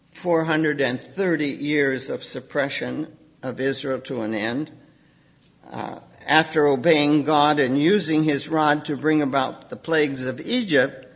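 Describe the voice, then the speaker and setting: A man preaching a sermon, animated, acting out quoted voices with sudden outbursts. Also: on the high side, creaky, husky.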